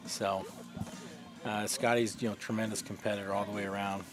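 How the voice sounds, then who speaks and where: A man's voice: on the low side, flat delivery, fairly quick, music in the background. A man giving live long-drive golf commentary, chatty and explanatory, often using fillers.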